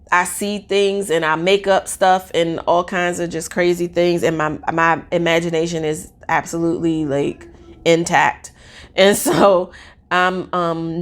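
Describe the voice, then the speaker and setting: A woman in her forties telling a personal story in a casual, rambling, excitable way with lots of fillers. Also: fairly low pitch.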